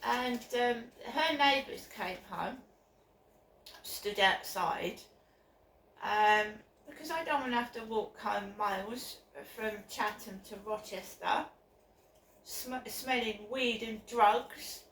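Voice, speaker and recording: A woman vlogs on her phone outside her flats, her slightly high voice slow-paced and fairly bright. Her talk is upset, insistent and repetitive, picked up from a distance with echo and faint background noise.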